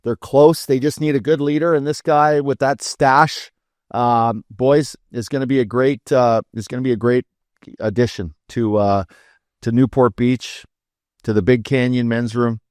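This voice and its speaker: A man's voice: medium pitch, steady tone, darkish tone, no echo, studio quality. Laid-back co-host man, drawling. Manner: laid-back, drawn-out, many fillers. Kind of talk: casual hockey podcast banter.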